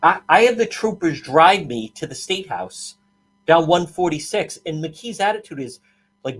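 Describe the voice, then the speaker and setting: A man's voice: fairly high pitch, expressive, normal speed, a bit bright, husky. A man hosting a talk show, ranting with heated, sarcastic indignation and many restarts. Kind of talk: heated political commentary.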